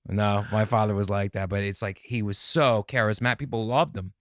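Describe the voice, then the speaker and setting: A man, a comedian guest, in casual chat, speaking haltingly and repeating phrases as he talks about something personal. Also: lowish voice, fairly even intonation, no echo.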